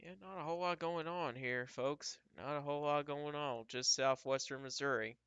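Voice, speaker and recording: Male storm-tracking streamer, casual think-aloud delivery, smooth bright tone. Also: on the high side, fairly even intonation, normal speed, dry recording, highs cut off. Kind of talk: live weather commentary.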